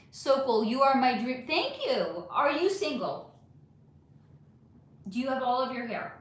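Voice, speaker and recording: A woman hosting a casual livestream, chatting animatedly and answering viewer comments one by one. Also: high voice. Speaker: livestream host reading chat. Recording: echoey room.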